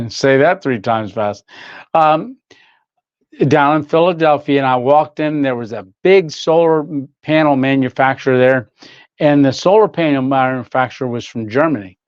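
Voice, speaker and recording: A man's voice: medium pitch, normal speed, clean tone, no echo, lo-fi sound. An older man hosting a casual livestream, rambling through stories, reading chat aloud and laughing often. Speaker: livestream host.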